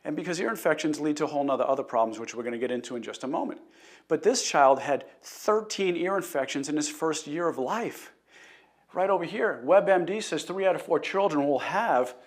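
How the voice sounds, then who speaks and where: A man's voice: a little high, expressive, moderate pace. A middle-aged man hosting a live health talk, telling a patient story in an earnest way and greeting viewers. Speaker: chiropractor host.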